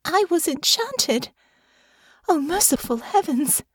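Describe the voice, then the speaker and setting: A woman voicing Honor, a frightened, earnest young noblewoman, in a high, trembling, pleading voice in an audiobook. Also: very animated, a little slow, no echo, clean studio sound. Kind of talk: audiobook character voice.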